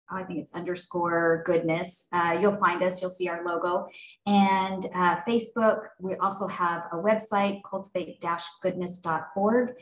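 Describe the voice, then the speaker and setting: Woman, from Arizona, lowish voice, earnest, casual with fillers, roomy echo. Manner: warm, earnest, with frequent fillers and restarts. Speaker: podcast guest, nonprofit founder. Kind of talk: casual interview chat.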